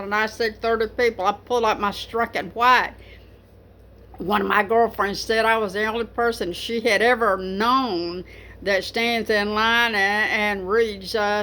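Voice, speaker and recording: A woman's voice: medium pitch, sharp tone. A woman talking casually to camera about writing poetry, rambling with many fillers and restarts. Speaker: poetry vlogger.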